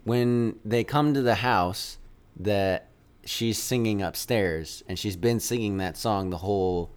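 A man's voice: lowish voice, smooth. A man co-hosting a casual chat, laughing often and arguing his points back. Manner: quick to laugh, animated, interjects and argues back.

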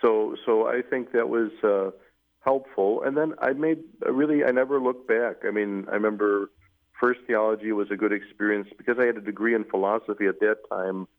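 A man, a newly appointed bishop, recounting his past in an interview in a measured, halting way with many fillers. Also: lowish voice. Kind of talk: interview conversation, recounting memories. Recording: phone-like narrow band, radio broadcast.

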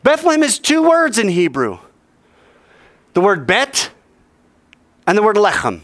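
Man, teacher, classroom lecture, animated, bouncy pitch, dry sound. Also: measured pace, long pauses, no room sound. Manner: animated, questions the class, joking asides.

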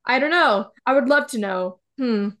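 A woman's voice: fairly high pitch, animated, moderate pace, fairly bright tone. A woman co-hosting a TV recap podcast, talking in a heated, emphatic way and swearing casually. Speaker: podcast co-host.

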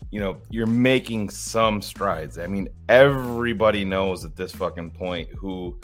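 A man's voice: deep voice, unhurried, faint music behind. A man co-hosting a live post-game show, breaking down play calls with frustration and some swearing. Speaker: podcast co-host. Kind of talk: post-game sports analysis.

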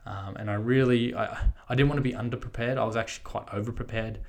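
Gravelly, laid-back Australian man. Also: mid-range voice, steady tone, quick pace, slight background noise. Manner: laid-back, rambling, swears freely. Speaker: podcast host. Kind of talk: casual spoken recap.

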